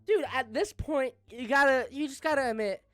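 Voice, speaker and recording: A woman's voice: high voice, normal speed, no echo. A woman playing a text game, reading its lines aloud and adding playful, giggly asides. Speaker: gamer.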